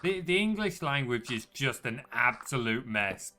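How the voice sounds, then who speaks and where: A man's voice: mid-range voice, animated, unhurried, sharp tone, faint music behind. A man hosting a live game stream, chatting casually, laughing often and greeting viewers. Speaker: streamer host.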